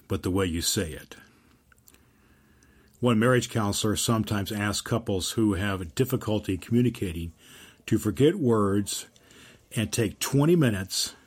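Earnest low-voiced man teaching. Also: a little mellow, husky. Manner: earnest, with slowed emphatic phrases and storytelling. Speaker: podcast host and Christian teacher. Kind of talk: inspirational podcast teaching.

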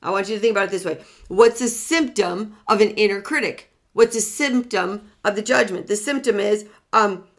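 A woman's voice: mid-range voice, normal speed, few pauses. Earnest woman giving a motivational talk. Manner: earnest, repeats key words, asks rhetorical questions. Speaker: self-help speaker.

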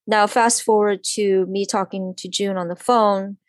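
Woman guest, chatty storyteller, lively delivery, dry close sound. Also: mid-range voice, unhurried, no echo. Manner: animated, acts out quoted voices, lots of "like". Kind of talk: personal storytelling in conversation.

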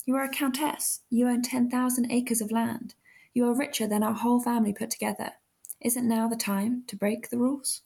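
A blunt, impatient young woman, read by a woman, speaks acidly and briskly in a husky, gravelly voice. Her pitch is ordinary. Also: darkish tone. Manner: acid, brisk.

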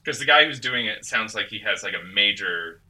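A man's voice: on the low side, animated, brisk, sharp tone, far from the mic, poor audio. A man hosting a podcast in casual chat, rambling with fillers and frequent giggles. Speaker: podcast host.

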